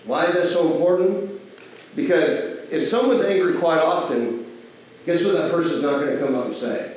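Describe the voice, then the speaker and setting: High-voiced man teaching in echoey church. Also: normal speed, a little mellow, a little hiss or hum. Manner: asks the audience rhetorical questions; acts out everyday quoted exchanges. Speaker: Bible class teacher. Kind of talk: conversational Bible class teaching. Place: church hall. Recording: echoey hall from far off.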